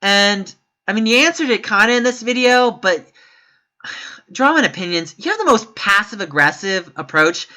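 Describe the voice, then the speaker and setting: A man's voice: high voice, lively intonation, normal speed, bright, forceful tone. A man giving opinion commentary in a vlog, talking in an emphatic, rambling way and breaking into sudden exasperated outbursts. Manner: rambling, self-correcting delivery. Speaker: YouTube commentator.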